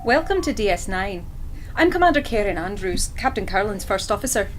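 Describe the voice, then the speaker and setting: An actress with a Scottish accent voicing a composed female starship first officer in a video game, speaking in a brisk, formal briefing tone. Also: mid-range voice, expressive, slight background noise, close to an everyday voice.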